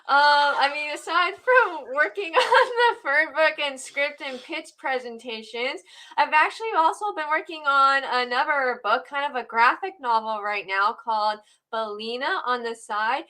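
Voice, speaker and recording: Brief: young woman in her twenties, high and bright, relaxed and eager guest. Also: measured pace. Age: 20s. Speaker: author and animator, guest. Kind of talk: casual interview chat.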